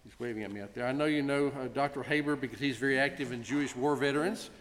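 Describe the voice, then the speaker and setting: A man of middle pitch addressing a congregation as its president, speaking ceremonially but slipping in gentle jokes between pauses. His voice carries a long reverb from the large sanctuary. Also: slight background noise. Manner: warm, gently joking, with frequent pauses. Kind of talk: ceremonial presentation speech. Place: synagogue sanctuary.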